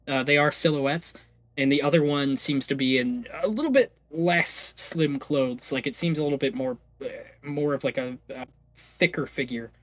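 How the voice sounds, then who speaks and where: Game master, male, casual narrator, fillers and restarts, mid pitch. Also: moderate pace, fairly bright tone. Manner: hesitant, lots of fillers, casual swearing.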